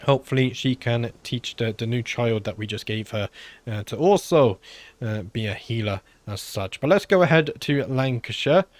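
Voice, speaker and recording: A man's voice: medium pitch, normal speed, no room sound. A man with a British accent giving casual let's-play commentary on a strategy game, musing aloud with frequent filler sounds and sounding slightly under the weather. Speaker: gaming channel host.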